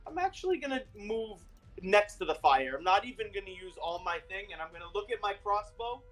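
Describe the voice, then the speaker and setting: Male player, casual and eager, a little high-pitched. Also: fast talker, a bit bright, faint music behind. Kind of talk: casual tabletop play.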